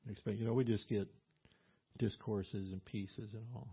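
Male pastor, husky voice, easygoing verse-by-verse Bible teacher; phone-thin tinny audio. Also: lowish voice, steady tone, moderate pace. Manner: conversational, with fillers and asides.

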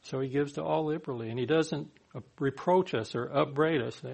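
Gravelly-voiced male preacher. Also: on the high side, a little fast, few pauses, darkish tone. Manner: conversational, acts out quoted speakers. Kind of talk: sermon.

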